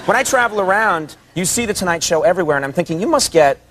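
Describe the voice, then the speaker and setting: A man hosts a late-night talk show, teasing his guest with dry, joking banter. His voice sits a little high, and a steady noisy broadcast sound runs underneath. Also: fast talker. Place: TV studio.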